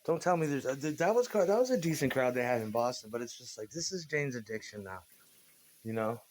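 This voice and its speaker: A man in his forties talks in a loose, meandering monologue. His delivery is laid-back and full of swearing, and his voice sits at an ordinary middle pitch. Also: expressive, brisk. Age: 40s. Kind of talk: casual rambling monologue.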